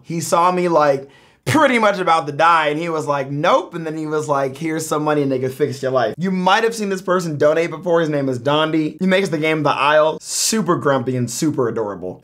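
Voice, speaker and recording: A man talking straight to camera in a casual confessional vlog, animated and profane, swinging from loud outbursts to low mutters. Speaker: YouTuber.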